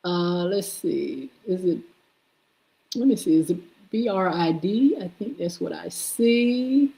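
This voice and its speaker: Woman, live stream host, slow pace, greeting viewers, spelling out names. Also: lowish voice, animated, vocal fry, warm tone, rough recording. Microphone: streaming setup.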